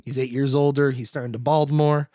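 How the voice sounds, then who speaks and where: Recorded at studio quality with no room sound, this mid-range male voice belongs to a podcast co-host breezily going over a film. He's lively, slipping into quick character voices for the lines, laughing a lot, and often losing his thread before starting again.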